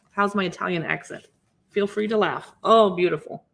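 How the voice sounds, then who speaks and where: A woman's voice: on the low side, moderate pace, vocal fry, a bit bright. A woman in her fifties hosts a casual livestream, chatting as she pages through a cookbook, reading recipe names aloud and greeting viewers. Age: 50s. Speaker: livestream host.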